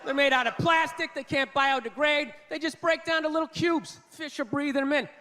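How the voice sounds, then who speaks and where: A man's voice: extremely high pitch, brisk, bright, forceful tone, long reverb tail, a little hiss or hum. A man doing a stand-up routine, ranting in disbelief at everyday habits. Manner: ranting, incredulous. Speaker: stand-up comedian.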